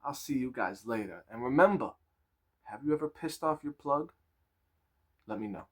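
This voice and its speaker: A man in his twenties telling a casual storytime with crude slang, animated and laughing. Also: medium pitch, normal speed.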